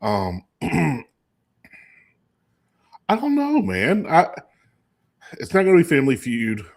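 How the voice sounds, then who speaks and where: A man's voice: mid-range voice, wildly swooping pitch, takes it slowly. A man in his forties co-hosting a casual sports talk show, telling a rambling story full of restarts and fillers. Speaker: co-host. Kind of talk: casual chat.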